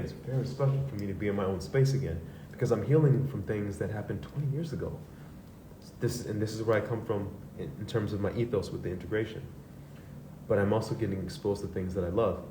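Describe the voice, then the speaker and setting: A man hosts a live talk, speaking loosely and frankly, swearing now and then. His voice is mellow and darkish, heard from some distance in an echoey room. A faint hiss sits behind it. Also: fairly low pitch. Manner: loose, conversational, swearing, acts out quoted voices. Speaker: host. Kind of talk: candid personal talk to a live audience.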